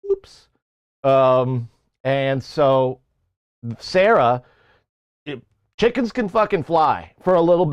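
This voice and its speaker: A man's voice: medium pitch, no room sound, muffled recording. A man hosting a livestream, rambling through a casual story with plenty of swearing. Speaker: livestream host. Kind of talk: casual chat.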